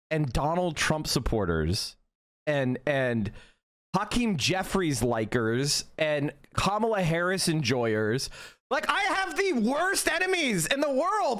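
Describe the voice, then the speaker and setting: A man ranting angrily in political commentary, profane, dropping to a mutter and then shouting. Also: high-pitched.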